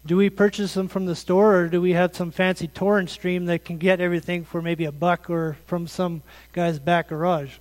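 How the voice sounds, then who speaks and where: High-voiced preacher in a reverberant hall. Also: male voice, flat delivery, normal speed, hardly any pauses. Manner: questioning, earnest, conversational preaching. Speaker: pastor. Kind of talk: sermon.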